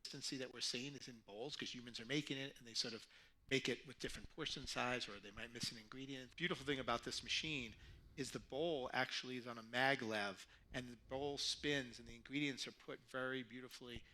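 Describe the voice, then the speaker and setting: A man, speaking as a restaurant executive, pitches a product with an upbeat salesman's polish. His voice is bright and crisp, sitting at an everyday middle pitch. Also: fairly even intonation, fairly quick, low-quality recording.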